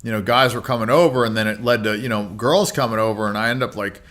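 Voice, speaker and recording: Man, 30s, podcast guest: bright, forceful voice, loose profane storytelling full of filler words. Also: medium pitch, fairly even intonation, fast talker. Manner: rambling, profane, lots of "like" and "you know". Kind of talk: casual storytelling.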